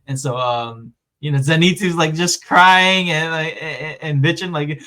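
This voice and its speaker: A man hosting a podcast recaps an anime season in a casual, rambling way, full of fillers and acted-out quotes. His voice is a little high, pushed and bright, at a moderate pace.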